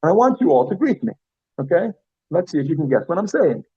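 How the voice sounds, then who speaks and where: A man teaching a Yiddish class, chatty and lively, who repeats words slowly and asks the class questions. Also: fairly high pitch, slightly rough, dull audio. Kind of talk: classroom lesson.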